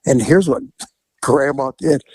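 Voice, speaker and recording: A man's voice: a little slow, breathy edge, dry recording, rough recording. A man co-hosting a podcast, telling a family story in casual chat and acting out the people in it. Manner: animated storyteller, acts out quotes in high voices. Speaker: podcast co-host.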